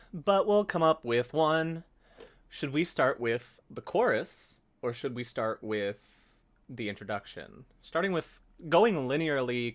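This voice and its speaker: Rambling young man chatting on a music stream. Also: mid-range voice. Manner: rambling, self-correcting, breaks into sung notes. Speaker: livestream host. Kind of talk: casual livestream chat about songwriting.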